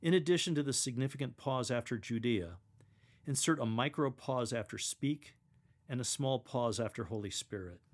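A man's voice: medium pitch, normal speed. A man coaching church lectors, explaining how to proclaim a reading and acting out its quoted lines. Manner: earnest, instructive, acts out quoted lines.

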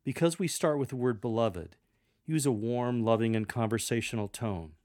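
A man giving measured, earnest instruction on how to read scripture aloud to a congregation. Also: medium pitch, a little mellow. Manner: measured, earnest, with demonstrated readings. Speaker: lector coach.

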